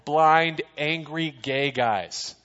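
A man preaching a relaxed sermon, chatty and quick with jokes, turning to the room with questions. His voice sits a little high for a man. It rings out in a large hall with a long tail of reverb, and the sound is slightly dull. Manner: chatty, jokey, asks the crowd questions. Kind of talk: casual sermon.

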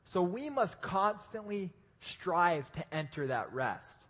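A man preaching a casual, joking sermon to a live audience, with lively restarts. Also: high-pitched, slow pace, husky. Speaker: pastor. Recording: echoey hall.

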